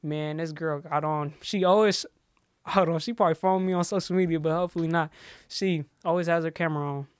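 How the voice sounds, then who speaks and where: A man's voice: a little high, fairly even intonation, fast talker, clear, resonant tone, no room sound, studio quality. A young man in casual chat, telling stories in a slangy, laughing way. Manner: slangy storytelling, laughs often.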